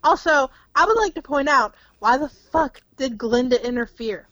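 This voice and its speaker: A woman's voice: high voice, lively intonation, normal speed, few pauses, a bit bright, no room sound, rough recording. A woman co-hosting a casual podcast chat, blunt and opinionated with dry teasing. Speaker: podcast co-host.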